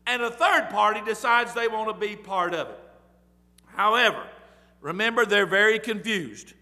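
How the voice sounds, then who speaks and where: A man preaching a sermon in a very high, sharply bright voice. He breaks into loud, emphatic bursts, and his words ring out with the long reverb of a large hall.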